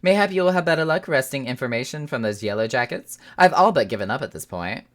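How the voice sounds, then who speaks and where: A woman's voice: a bass voice, animated, fast, voice pushed up. A woman voicing a fussy, bookish young woman scholar with a put-on accent who rambles at length. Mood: prim. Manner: prim, wordy, rambling.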